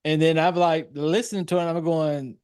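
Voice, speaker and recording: A man's voice: a little high, steady tone, a little fast, darkish tone, clear, resonant tone, dry recording, studio quality. A man from South Carolina with a Southern accent, casually co-hosting a podcast and telling rambling, profane stories. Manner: profane, rambling storyteller with a country drawl. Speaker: podcast co-host. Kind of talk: casual chat.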